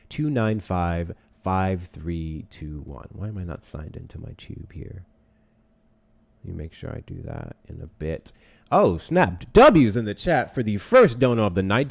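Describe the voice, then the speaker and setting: A man's voice: lowish voice, gravelly. A young man hosting a live stream, reading articles aloud and reacting with profane, sarcastic commentary.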